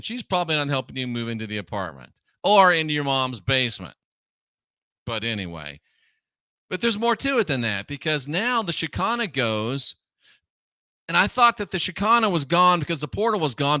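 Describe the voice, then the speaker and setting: Bright, emphatic man lecturing on scripture. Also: fairly high pitch, clean tone, dry recording, studio quality. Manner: emphatic, repeats phrases for stress, wry asides. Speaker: host. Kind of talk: religious commentary monologue.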